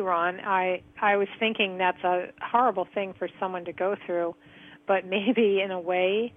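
A woman co-hosting a call-in radio show, reading out listener messages and asking the host clarifying questions. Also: fairly low pitch. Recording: tinny phone-line radio sound.

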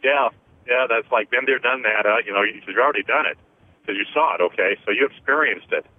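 A man hosting a call-in radio show, slowly counting through energy clearings and explaining them with many fillers. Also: medium pitch. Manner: slow, deliberate counting with frequent fillers. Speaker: host, energy healer. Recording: tinny phone-line radio sound.

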